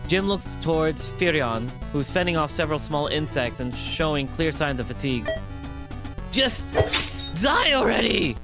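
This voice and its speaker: A streamer narrating a visual novel aloud in an animated way, jumping in and out of character voices. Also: mid-range voice, normal speed, few pauses. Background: background music.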